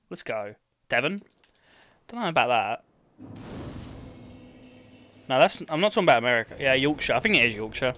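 A man's voice: mid-range voice, lively intonation, normal speed, pauses often, bright, forceful tone, slight background noise. A young man from England with a London-area accent, chatting casually and rambling with lots of fillers while streaming a game at home. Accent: London-area English. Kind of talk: casual chat while gaming.

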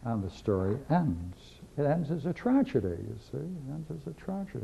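A man's voice: mid-range voice, sing-song, normal speed, gravelly, a little hiss or hum. A man teaching a philosophy class, lecturing emphatically and repeating key phrases as he reads and discusses scripture. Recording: dull lo-fi videotape recording.

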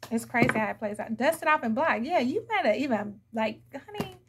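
A woman's voice: high-pitched, sing-song, a little fast, noisy background. A woman giving a casual, blunt tarot reading, chatting to viewers and laughing often. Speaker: tarot reader.

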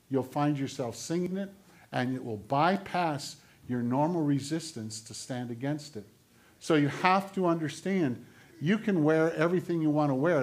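A man preaching a sermon in church as pastor, moving from loud urging to quiet, low asides.

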